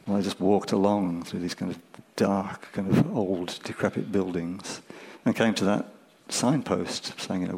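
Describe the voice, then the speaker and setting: An older man from England, a folk musician, telling stories in a relaxed, reflective way with many fillers. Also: low-pitched, breathy edge, poor audio. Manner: unhurried, thoughtful, with frequent fillers. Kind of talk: reflective conversational storytelling.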